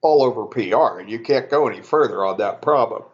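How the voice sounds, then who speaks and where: Relaxed man explaining math steps. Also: medium pitch, a little fast, highs cut off. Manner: relaxed, conversational, self-correcting, talks students through steps. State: yawning, sleepy. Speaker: math instructor. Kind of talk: recorded math lecture.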